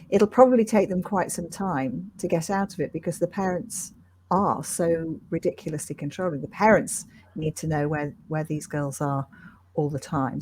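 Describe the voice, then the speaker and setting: Brief: woman in her fifties, interview host, low mellow voice, reflective, faint background noise. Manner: thoughtful, agreeing, reflective. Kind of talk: casual interview chat.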